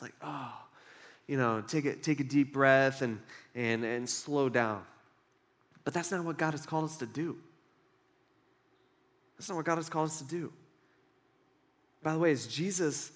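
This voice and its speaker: A man's voice: a little high, pushed and bright. A male pastor preaching a sermon in a casual, conversational way, telling a personal story with lots of fillers. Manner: casual and conversational, many fillers, acts out quotes. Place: church.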